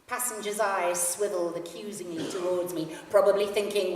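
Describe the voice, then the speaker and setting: The reader, a woman in her fifties, speaks at medium pitch with fairly even intonation, a darkish tone, and a moderate pace as she presents her memoir to a library hall crowd. Her style is dry and understated. A far-off mic in the echoing hall catches slight background noise.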